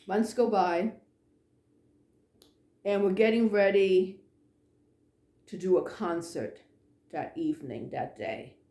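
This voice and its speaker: A woman telling a ghost story in a casual, animated way, acting out the dialogue and sometimes dropping to a hush. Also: mid-range voice, reverberant. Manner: animated, acts out dialogue, drops to hushed tones.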